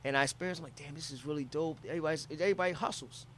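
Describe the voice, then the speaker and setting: A man's voice: on the high side, very fast, slight background noise. Profane storytelling man from Philly. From Philadelphia. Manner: profane, animated storytelling with acted-out quotes. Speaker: comedian telling a travel story. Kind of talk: casual storytelling.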